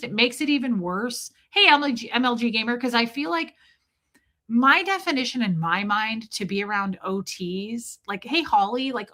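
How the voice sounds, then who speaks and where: A middle-aged woman from the United States hosting a casual livestream, telling stories animatedly and greeting viewers from chat. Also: on the high side. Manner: chatty, animated storytelling, reads chat comments aloud. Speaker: livestream host.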